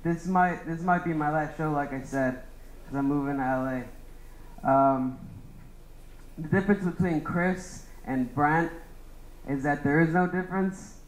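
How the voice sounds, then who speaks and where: A man's voice: a little high, a little slow, reverberant, a little hiss or hum, rough recording. A young man doing a rambling stand-up roast of his friends, laughing at his own jokes. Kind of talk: open-mic roast set.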